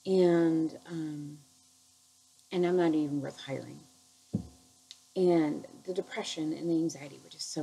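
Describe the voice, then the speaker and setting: A middle-aged woman, a chemical dependency counselor, telling her personal recovery story in an earnest, halting, heartfelt way. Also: low voice, fairly even intonation, vocal fry, mellow, a little hiss or hum, low-quality recording.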